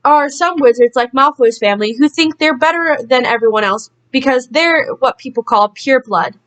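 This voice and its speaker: Woman putting on a hoarse, queasy schoolboy, high-pitched storybook voice. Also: moderate pace, a bit bright. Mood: indignant.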